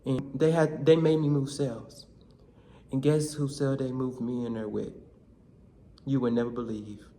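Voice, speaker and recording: A man's voice: medium pitch, measured pace. Slangy young man telling a story. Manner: animated, slangy, shouts in quoted lines. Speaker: vlogger. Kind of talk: comedic storytelling vlog.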